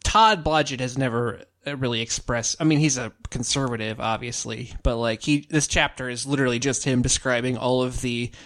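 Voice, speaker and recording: A man's voice: medium pitch, fairly even intonation, brisk, few pauses, fairly bright tone, no echo. A man co-hosting a podcast, talking loosely with lots of fillers and profanity and laughing easily. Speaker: podcast co-host. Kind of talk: casual chat.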